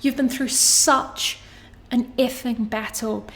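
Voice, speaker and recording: Woman doing a heartfelt tarot reading, bit high voice, repeats herself, drops the odd swear. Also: steady tone, slow. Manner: earnest, emotional, casually swearing, repeats phrases. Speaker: tarot card reader. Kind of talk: astrology tarot reading monologue.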